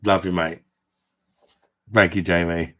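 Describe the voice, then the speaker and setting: Man, very deep voice, casual livestream chat, reads viewer comments. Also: little pitch movement, takes it slowly, a bit bright. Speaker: beer review livestream host. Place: home room.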